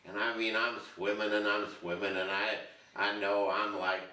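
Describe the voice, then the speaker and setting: A man's voice: fairly low pitch, little pitch movement, moderate pace, bright, forceful tone. An older man telling a rambling, self-mocking story in a casual interview. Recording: roomy echo, distant mic.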